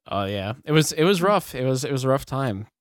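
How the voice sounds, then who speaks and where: A man's voice: mid-range voice, big pitch swings, a little fast, no echo, clean studio sound. A man co-hosting a podcast, chatting casually with lots of "like" and frequent laughter. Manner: laughs often, filler-heavy with lots of "like". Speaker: podcast co-host. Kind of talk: casual chat.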